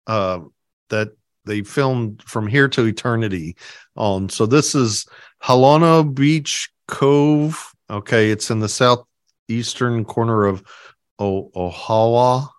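A man co-hosting a podcast, wry and teasing in casual chat, halting with fillers. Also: medium pitch, clean tone, dry recording, studio quality. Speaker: podcast co-host.

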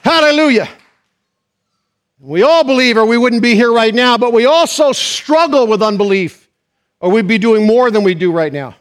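A man preaching a sermon to a congregation, swinging from near-shouted passages to quiet, hushed ones. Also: very high voice, animated, moderate pace. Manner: dynamic preaching, rising to shouts and dropping to hushed tones. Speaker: pastor.

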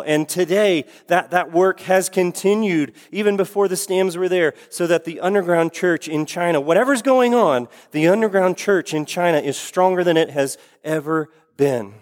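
A man preaching a sermon as pastor in a church sanctuary, earnest, repeating key phrases for emphasis. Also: on the high side. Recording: long hall reverb.

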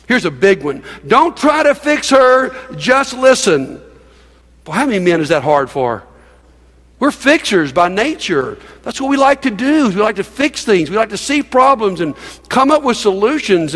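A man preaches to his congregation in an emphatic, folksy way, urging listeners to speak along with him. His voice sits high for a man. The sound carries a long reverb from the church sanctuary. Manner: emphatic, folksy, with laughs and audience prompts. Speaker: pastor. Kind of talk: sermon.

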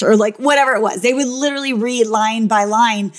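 A woman who was once on a reality show, telling stories in a casual, chatty way, full of "like" and "you know", and acting out quotes in quick bursts. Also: on the high side. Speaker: former reality show contestant. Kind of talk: casual storytelling.

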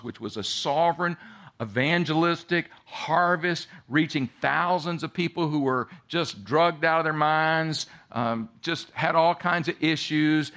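An older man preaching a sermon as pastor, emphatic, swinging between loud peaks and quiet low drops.

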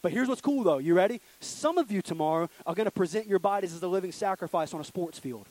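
Speaking quickly in a high-pitched voice, this youth pastor delivers a laid-back, jokey sermon to young people in a church room. He's animated and plays out little character voices, though the recording is dry and the audio poor.

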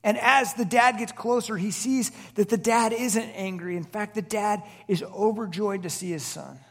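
High, gravelly-voiced pastor preaching. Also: male voice, moderate pace, a bit bright. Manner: conversational, with repeated restarts and rhetorical questions. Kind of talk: sermon.

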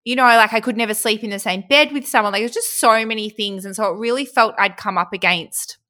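A woman's voice: medium pitch, quick pace, sharp tone. A woman, hosting a casual podcast chat in a candid, chatty way and laughing often. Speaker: podcast host.

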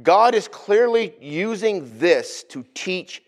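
A man preaching a sermon to his church, talking animatedly and acting out Bible figures in his own voice. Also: slow. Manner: animated, acts out Bible figures with sudden pitch jumps. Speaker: pastor.

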